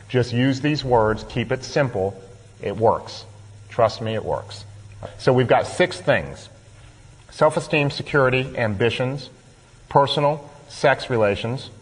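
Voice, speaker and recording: Man teaching a workshop in a hall. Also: medium pitch. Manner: plain-spoken, role-plays his own grudges. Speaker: workshop leader. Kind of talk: instructional talk to a group. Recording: long hall reverb.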